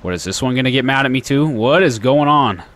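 A man's voice: mid-range voice, animated, fairly quick, fairly bright tone. A man hosting a gaming channel, chatting casually as he plays and talking back to the game characters. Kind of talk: let's play commentary.

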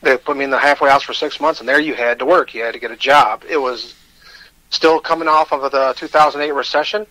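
A man's voice: mid-range voice, steady tone, brisk, pushed and bright, no echo, low-quality recording. A man with a Michigan accent, telling his personal story as a radio guest, candid and self-deprecating, with hesitant restarts.

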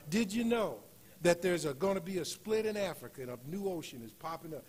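A man preaching a sermon in a church, slowing on key phrases and rising to loud, emphatic peaks. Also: high voice, lively intonation. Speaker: guest preacher. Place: church sanctuary.

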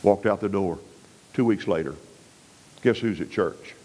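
A man from West Texas, preaching a revival sermon in a folksy storytelling way, dropping low and quiet for emphasis and pressing harder on scripture. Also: unhurried, poor audio.

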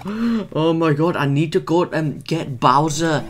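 Guy yelling at a video game as he plays, kinda high voice, talks slow. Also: faint music behind. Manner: excitable, exclaiming and scolding the game. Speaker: gameplay video host. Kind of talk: let's play commentary.

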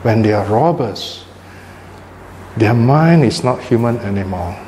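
A man's voice: lowish voice, lively intonation, measured pace, warm tone. Older man giving a dharma talk. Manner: conversational, frequent "you know" and "right?" tags. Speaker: Buddhist teacher. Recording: hall reverb, faint ambient noise.

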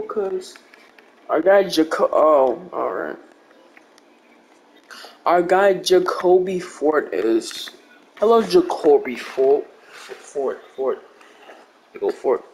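A man's voice: a little high, expressive, takes it slowly, long pauses, darkish tone, husky. A young man giving casual, rambling gameplay commentary with joking, blunt trash talk. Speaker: gaming video creator.

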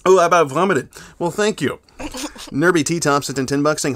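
A man's voice: on the high side, moderate pace, a bit bright, slight background noise. A man hosting a casual livestream, reading donation messages aloud in a laid-back, crude way. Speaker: livestream host.

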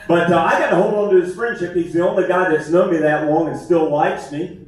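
A man's voice: fairly high pitch, fairly even intonation, brisk. A man doing a self-deprecating, conversational stand-up comedy set on a theater stage. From West Virginia. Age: 50s. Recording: echoey theater from far off.

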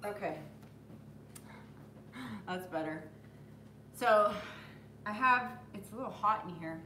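A woman's voice: medium pitch, slow pace, pushed and bright, reverberant, a little hiss or hum. A woman hosting a live stream from home, chatting casually, greeting viewers by name and cooing at her puppy. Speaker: acrylic pour artist hosting a live stream. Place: home room with the door closed.

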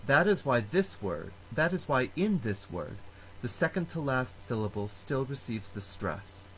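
A man at an ordinary pitch gives a recorded Latin lecture, his voice rising and falling in a lively way as he works through the rules. He explains slowly and with care, sounding out each example word, over a faint hiss of background noise. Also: low-quality recording. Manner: slow, careful explanation with spoken examples. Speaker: Latin teacher.

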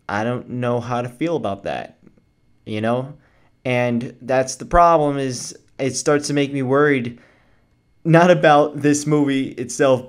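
A man casually reviewing an old movie on his channel, rambling and correcting himself as he goes, with frequent chuckles. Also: medium pitch.

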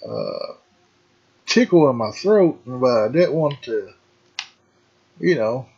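A man's voice: mid-range voice, expressive, takes it slowly, creaky, darkish tone, slightly rough, highs cut off. A middle-aged man hosting a gaming channel, talking in a rambling, folksy way and calling his viewers folks. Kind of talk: casual farming game commentary.

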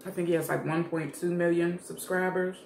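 A woman's voice: lowish voice, fairly even intonation, brisk, creaky, a little mellow. A middle-aged woman in a casual eating vlog, chatting to viewers while she eats. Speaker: food vlogger. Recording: echoey room with faint background noise.

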